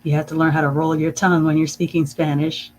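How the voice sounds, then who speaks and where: A teacher leading a live-streamed reading lesson, saying phrases slowly and carefully, checking in with "okay?" and chuckling often. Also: mid-range voice, steady tone, a little hiss or hum, low-quality recording. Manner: reads out viewer comments.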